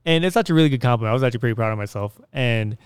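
A man's voice: medium pitch, animated, very fast, clear, resonant tone, no echo. A man hosting a podcast in casual chat, rambling and often restarting his sentences into a studio mic. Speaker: podcast host.

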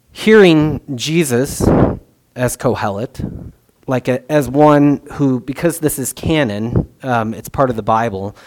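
Young male pastor, mid-pitched, relaxed conversational sermon delivery, thinks aloud, lots of ums and restarts. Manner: casual, musing, many fillers and restarts.

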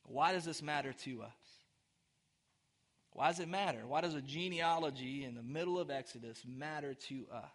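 A pastor delivers a sermon in a high-pitched male voice. He talks to the congregation in an easy, conversational way, asking them questions along the way. Then he climbs into emphatic, rising declarations. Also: moderate pace. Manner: dynamic preaching, rising to emphatic peaks.

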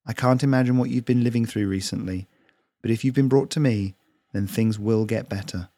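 A man voicing a gentle female cat groomer who keeps her voice low, even and almost purring. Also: brisk, no room sound, close to an everyday voice. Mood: soothing.

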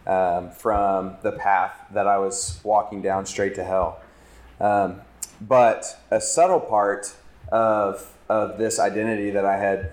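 A man in his thirties tells a personal story from the stage in a candid, self-deprecating way. His voice sits on the low side, and the hall around him gives it a clear echo. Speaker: campus ministry speaker. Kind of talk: conference talk. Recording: echoey hall.

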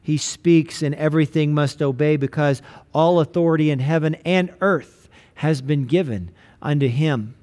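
A man preaching a sermon as a pastor, slowing down to stress key lines. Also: on the high side, darkish tone.

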